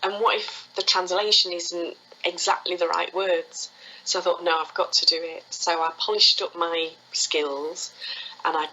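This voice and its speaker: Here is a fast-talking Englishwoman with a bright, forceful voice, chatting animatedly as an interview guest. Her audio sounds dull and lo-fi. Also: lowish voice, little pitch movement, slight background noise. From England. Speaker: guest, foot reading teacher. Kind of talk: conversational storytelling interview.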